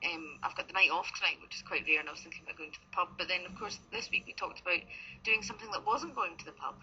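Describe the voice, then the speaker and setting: A woman's voice: fairly low pitch, lively intonation, quick pace, sharp tone. A woman hosting a radio show, chatting casually and teasing her guests with frequent laughs. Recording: dull broadcast radio recording.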